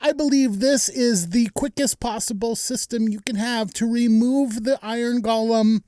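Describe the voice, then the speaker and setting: Steady explaining voice-over, dry sound. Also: medium pitch, moderate pace, dry recording. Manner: explanatory, walks through builds step by step. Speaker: Minecraft video creator. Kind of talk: narrated gameplay tour.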